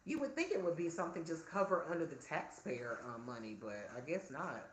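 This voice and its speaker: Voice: medium pitch, animated, a little fast, background noise. A vlogger in their forties, venting casually to viewers while filming themselves indoors. The delivery is chatty and indignant. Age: 40s. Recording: echoey room.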